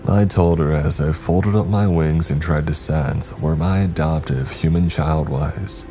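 Deep, dark-voiced male horror narrator. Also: unhurried, hardly any pauses, faint music behind. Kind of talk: scripted narration of a horror story.

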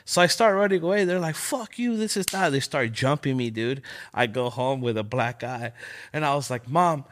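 A young man from Los Angeles, appearing as a guest, tells street stories in casual conversation, animatedly acting out the voices. He speaks in a mid-range voice at moderate pace, with a little hiss or hum on the recording.

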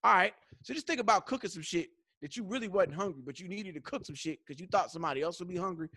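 A man in a casual video-call chat, telling stories in an animated, profane way. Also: high voice, fast, dry recording, studio quality.

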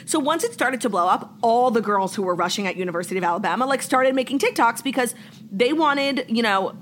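A young New York woman co-hosts a podcast, retelling a story with animation in casual chat packed with "like." Her voice sits on the high side and moves briskly, with a faint hiss or hum in the background.

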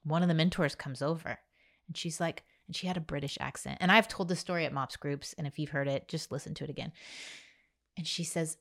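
A middle-aged woman co-hosting a podcast, chatting casually and telling animated stories in which she acts out the quotes. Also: sits low, a little fast, gravelly. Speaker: podcast co-host. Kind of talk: casual chat and storytelling.

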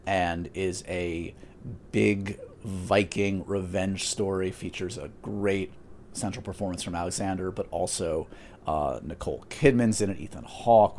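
Lively, low-voiced male podcast host. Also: slight background noise. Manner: animated, self-deprecating, quick asides. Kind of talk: casual podcast chat.

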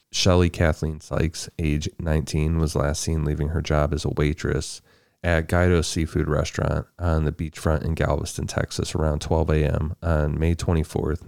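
A man hosting a podcast, narrating true crime case details in a measured, matter-of-fact way. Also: extremely low pitch, gravelly, darkish tone, no echo, clean studio sound. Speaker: podcast host.

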